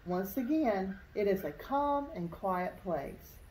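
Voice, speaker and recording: A woman's voice: medium pitch, animated, slow, darkish tone. A woman teacher reading a storybook aloud to children, expressively pointing out things in the pictures as she goes. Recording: roomy echo.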